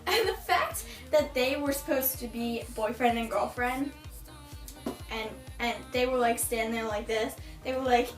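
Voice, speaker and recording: Teen girl vlogger, high voice, exasperated rant about a book, recorded far off in an echoey room with faint music under. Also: animated, measured pace. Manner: exasperated, ranting, mocking voices. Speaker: book reviewer. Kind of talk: casual book review.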